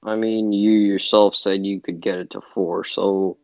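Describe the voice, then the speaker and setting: Young male debater, low flat voice, halting and filler-heavy, dull dry lo-fi mic. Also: vocal fry, no room sound. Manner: hesitant, heavy filler words, loses track. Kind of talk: casual online debate.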